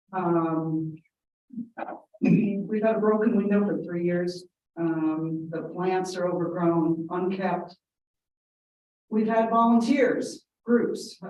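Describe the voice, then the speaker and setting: A woman's voice: medium pitch, mellow. Woman at a council podium, earnest and rambling with ums, heard far off in a very echoey chamber. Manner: earnest, rambling, with frequent ums and quoted anecdotes. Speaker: public commenter at town meeting. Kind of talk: public comment speech. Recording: echoey meeting room from far off.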